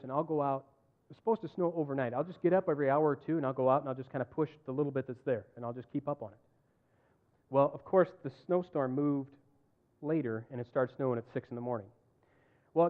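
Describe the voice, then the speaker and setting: A middle-aged man preaching a sermon as pastor, telling personal stories and acting out the dialogue in them. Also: medium pitch. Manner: animated, acts out dialogue in his stories. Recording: tinny phone-like sound.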